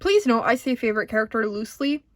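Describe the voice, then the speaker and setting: A young woman vlogger telling a convention story in a casual, excitable, giggly way, jittery from caffeine. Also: fairly high pitch, fast, dry recording. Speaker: diamond painting vlogger.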